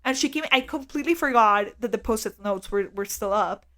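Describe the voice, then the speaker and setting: On a podcast, a woman co-host with a slightly high voice tells a story at a brisk pace. She chats casually and animatedly, using many fillers and acting out quotes.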